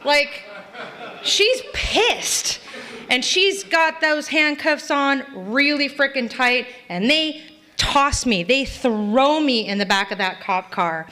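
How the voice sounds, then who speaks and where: A middle-aged woman from Los Angeles telling her personal story to a live meeting, candid and self-mocking, acting out past scenes in high voices. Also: slow pace, pushed and bright. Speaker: recovery meeting speaker. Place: meeting hall.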